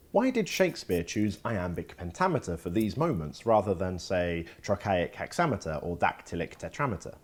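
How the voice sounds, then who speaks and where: A man narrating an educational video in a measured, scripted style, leaning hard on stressed syllables. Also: on the low side, husky.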